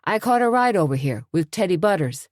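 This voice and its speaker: A woman's voice: fairly low pitch, sing-song, brisk, a little mellow, no room sound, studio quality, voice pushed up. A woman doing a scruffy, dim-witted man's voice. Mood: boastful. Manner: folksy slangy drawl.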